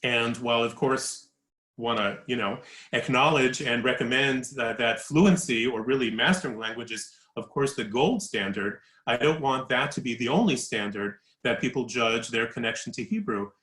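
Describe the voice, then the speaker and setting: A man, an author, giving an educational talk in a halting way, hedging often. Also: medium pitch, a bit bright, roomy sound. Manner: halting, hedging, many fillers.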